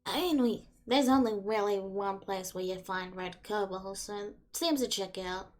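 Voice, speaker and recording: A woman doing a gruff kobold guard. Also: medium pitch, moderate pace, faint music behind, pitched below the performer's own voice, natural voice. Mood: relaxed. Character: gruff red kobold guard, suspicious then lax.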